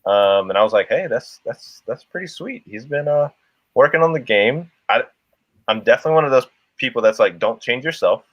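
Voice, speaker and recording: A man's voice: medium pitch, expressive, a little fast, no room sound, lo-fi sound. A man co-hosting a casual livestream, rambling and laughing as he talks to the chat. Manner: rambling, laughs often, restarts a lot. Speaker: livestream co-host.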